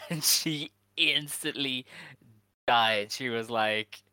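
A man's voice: medium pitch, takes it slowly, sharp tone, clear, resonant tone, no echo. A man co-hosting a casual chat, recounting events with many fillers. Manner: storytelling with many fillers, laughs through. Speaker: podcast co-host.

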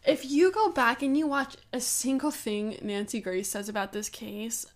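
Young woman ranting about a case, highish voice, swears a lot, laughs between points. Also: normal speed. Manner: opinionated, animated, laughs often, swears. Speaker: podcast co-host. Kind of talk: casual true-crime chat.

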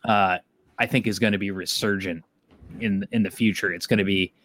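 A man's voice: low voice, steady tone, normal speed, fairly bright tone. A middle-aged man from the Detroit area chatting casually as a podcast host, rambling and swearing offhandedly. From Detroit area, Michigan. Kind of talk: casual chat.

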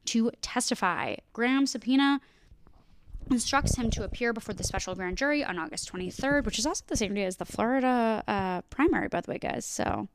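A young woman co-hosting a podcast in a casual, chatty way, filling her sentences with "like" and tossing in sarcastic remarks as she reads the news. Her voice is smooth and clear. The sound is close and dry. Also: fairly high pitch, dry recording. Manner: chatty, sarcastic asides, heavy "like" filler. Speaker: podcast co-host.

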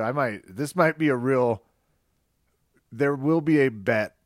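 A man's voice: medium pitch, dry recording, clean studio sound. A man co-hosting a podcast in casual chat, wisecracking, swearing and laughing easily. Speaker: podcast co-host.

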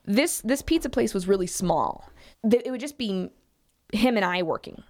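A young woman chats on a podcast, telling a workplace story. She rambles with fillers and slips into quoted voices along the way. Her pitch sits in an ordinary middle range. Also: moderate pace. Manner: animated storytelling with acted quotes, frequent fillers. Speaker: podcast co-host. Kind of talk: casual storytelling chat.

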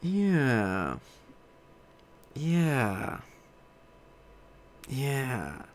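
A man's voice: medium pitch, huge pitch swings, extremely slow, a little hiss or hum. A man hosting a solo podcast from his desk, rambling casually with a self-deprecating, swearing manner. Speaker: podcast host.

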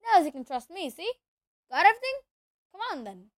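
A woman reading a storybook aloud, voicing a huge, friendly giant man who talks loudly and bluntly. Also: very high voice, very animated, brisk, no echo, pitched above the performer's own voice. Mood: hearty. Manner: loud, hearty, blunt. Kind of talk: audiobook character voice.

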